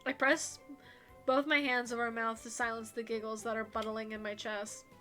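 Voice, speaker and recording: A woman streamer reads a visual novel aloud, her voice bright and a little high as she narrates. She is animated and giggly, breaking off into chatty asides, and faint music hums behind her. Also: moderate pace.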